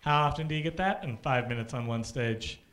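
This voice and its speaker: A man hosting a live comedy night on a comedy club stage, introducing the next act with brisk announcing. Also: mid-range voice, a bit bright. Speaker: host.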